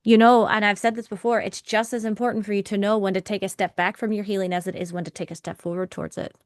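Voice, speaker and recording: Woman, young adult, workshop facilitator; encouraging, chatty, quick to laugh; mid-range voice, dry close sound. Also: mid-range voice, level tone, no room sound. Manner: encouraging, conversational, laughs often. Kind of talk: live online workshop, reading and answering chat.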